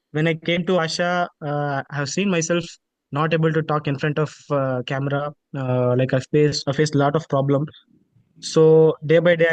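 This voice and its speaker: A man's voice: on the high side, no echo, low-quality recording. A young man gives an earnest, unscripted student testimonial over a video call. He halts often with fillers and restarts. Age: young adult.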